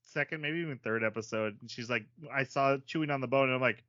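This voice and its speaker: A man co-hosting a podcast, chatting casually about an anime, animated and self-deprecating, laughing at himself often. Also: medium pitch, fast talker, dry recording, dull audio. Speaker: podcast co-host. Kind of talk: casual chat.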